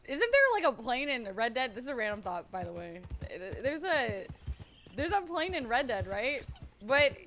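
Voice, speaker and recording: A woman's voice: high-pitched, very animated, normal speed, a bit bright. A woman streamer chatting casually while setting up a role-play character, frank, self-mocking and swearing freely.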